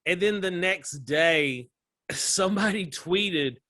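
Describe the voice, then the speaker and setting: A male comedian telling stories as a guest in a casual interview, animated and laughing often. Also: high voice, takes it slowly, dry recording.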